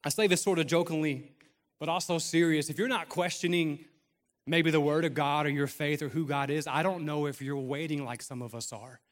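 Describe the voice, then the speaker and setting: A man's voice: a little high, fairly even intonation, a little fast, long reverb tail. A man in his thirties preaching a sermon in a conversational style, mixing humor and playful acted asides into the message. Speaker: pastor.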